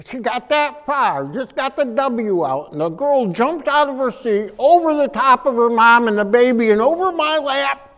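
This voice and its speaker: A man preaching a humorous storytelling sermon, animated, acting out voices and swinging from quiet to loud. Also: extremely high pitch, moderate pace. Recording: echoey hall.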